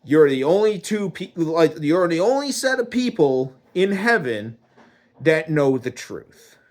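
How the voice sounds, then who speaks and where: A man's voice: a little high, big pitch swings, unhurried, pitched above the performer's own voice. A man voicing an angry, foul-mouthed God who berates and scolds. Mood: scolding. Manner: swearing, berating.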